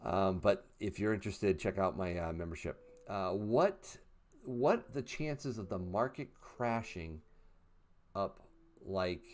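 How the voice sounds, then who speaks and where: A man in his fifties hosting a casual livestream, reading chat questions aloud and answering in a chatty way with fillers and laughs. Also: on the low side. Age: 50s. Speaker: livestream host.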